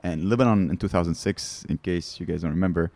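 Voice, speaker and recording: A man, a comedian guest on a podcast, telling travel stories with quick laughs. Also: sits low, dry recording. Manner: animated, laughs often, acts out quotes. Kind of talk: casual chat. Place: studio. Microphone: studio mic.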